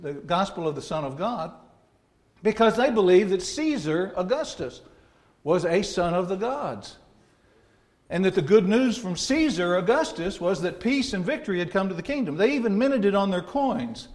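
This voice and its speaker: A man's voice: sits high, expressive, moderate pace, darkish tone. A man with an Alabama accent preaching a sermon, teaching in a folksy, conversational way with homey asides. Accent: Southern American, Alabama. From North Alabama.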